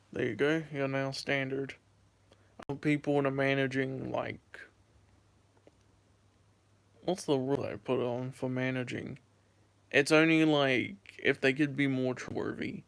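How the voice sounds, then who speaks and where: This teenage YouTuber from the US talks in a smooth, creaky, medium-pitched voice with fairly even intonation, taking his time and leaving long pauses. Holding his phone, he answers his livestream chat in a loose, rambling way, often saying things twice.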